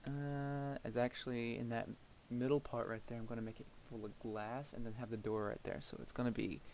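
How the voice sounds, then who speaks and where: A young man casually commentating his own gameplay, rambling and thinking aloud, often trailing off into quiet murmurs as he builds. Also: medium pitch, little pitch movement, brisk, slight background noise, low-quality recording. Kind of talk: casual let's-play commentary.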